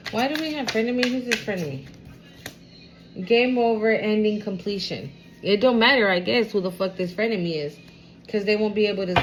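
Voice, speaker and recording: Animated, swearing woman reading tarot. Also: medium pitch, noisy background. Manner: animated, expressive, swears freely, talks aloud to spirit. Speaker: tarot card reader. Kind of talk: casual tarot reading to camera.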